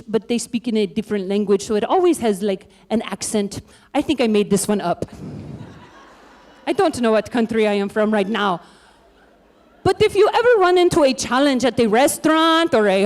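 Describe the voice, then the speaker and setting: Woman pastor, high-voiced, casual and lively delivery with quips. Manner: lively, conversational, joking asides. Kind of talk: sermon.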